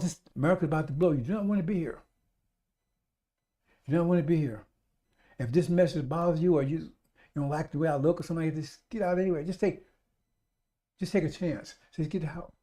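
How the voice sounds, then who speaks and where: A man's voice: a little high, dark tone. A man preaching a radio sermon, emphatic and repetitive, speaking straight to his listeners.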